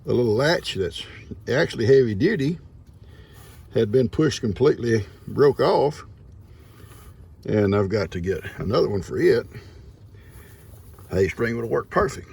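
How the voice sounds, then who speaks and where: A man's voice: mid-range voice, lively intonation, measured pace, vocal fry, long pauses, darkish tone, breathy edge. An older man, a farmer and host, chatting folksily and chuckling often as he narrates his work outdoors by a creek. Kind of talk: casual vlog narration while working.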